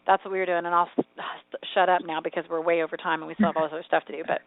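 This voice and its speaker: A woman co-hosting a radio talk show, telling a rambling, animated story in casual chat. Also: lowish voice, rapid-fire, no echo. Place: home. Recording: tinny phone-like radio sound, dry.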